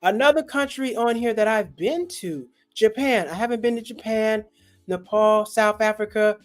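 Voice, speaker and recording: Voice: medium pitch, moderate pace, soft background music. A podcast host who grew up in Europe, chatting casually and rambling, with many fillers and self-corrections. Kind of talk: casual chat.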